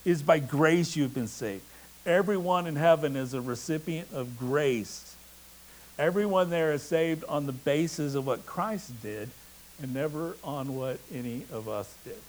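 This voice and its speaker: A man's voice: fairly high pitch, a little slow, darkish tone, rough recording. A man preaching a sermon in an earnest, emphatic way, with a touch of humor. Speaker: pastor.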